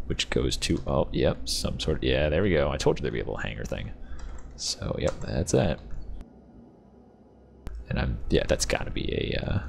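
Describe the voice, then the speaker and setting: A man's voice: very deep voice, gravelly, slight background noise. A man hosting a channel, rambling and joking with frequent laughs as he tours a ship in a game. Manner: rambling, jokey, laughs often. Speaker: channel host reviewing game ships. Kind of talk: casual game commentary.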